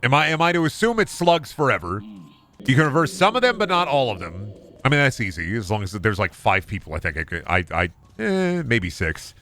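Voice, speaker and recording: A young man streaming a game, chatting fast and rambling with goofy jokes, often loud and high when he clowns around. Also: sing-song. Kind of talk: casual gaming stream chat.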